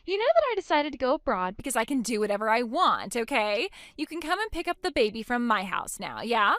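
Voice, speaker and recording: A woman's voice: on the high side, very animated, fairly quick, fairly bright tone, no echo. A woman voicing a selfish young mother who dismisses her own baby, in scripted dialogue. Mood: scornful. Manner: scornful, dismissive, sneering. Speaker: voice actor in a text-story drama.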